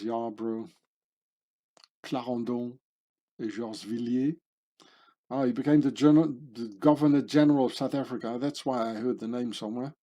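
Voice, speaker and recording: A man's voice: mid-range voice, warm tone. A man giving casual commentary as he reads through a list of names, musing and rambling, trailing off with fillers and correcting himself. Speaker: video commentator.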